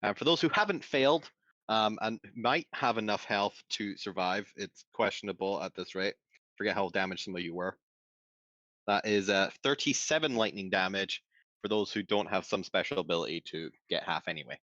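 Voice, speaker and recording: A man's voice: fairly low pitch, moderate pace, pushed and bright, no room sound, lo-fi sound. A man narrating as game master in a tabletop game over voice chat, stretching out dramatic moments with many fillers.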